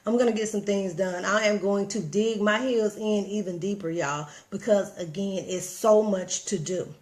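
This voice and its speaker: This Southern-accented woman speaks at normal speed and medium pitch as she livestreams a casual pep talk. The vlogger is animated and sermonizing, addressing her audience directly and responding to their comments.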